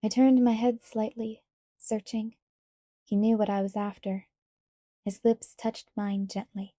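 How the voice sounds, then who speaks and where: A woman reading a novel aloud in quiet, even first-person narration. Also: mid-range voice, a little slow, no room sound, studio quality. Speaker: audiobook reader.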